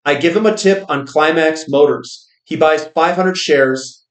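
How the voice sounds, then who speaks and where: Casting: man voicing impatient male tipster, insistent, a bit high-pitched, echoey room. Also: a little slow, natural voice. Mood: exasperated. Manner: insistent, exasperated. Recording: roomy echo.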